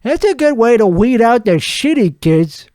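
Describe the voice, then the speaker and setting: A man's voice: extremely high pitch, big pitch swings, normal speed, darkish tone, dry recording, clean studio sound. A man playing a crude, boastful podcast host who rambles and laughs at his own jokes. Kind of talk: improvised character comedy monologue.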